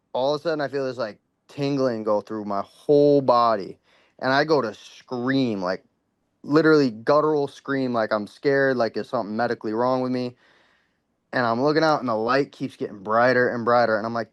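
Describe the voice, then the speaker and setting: Smooth-voiced man rambling through a story. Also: mid-range voice, no echo, muffled recording. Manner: rambling, full of "like" and "you know," swears freely. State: a little worked up. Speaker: caller sharing a paranormal experience. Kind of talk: casual spoken storytelling.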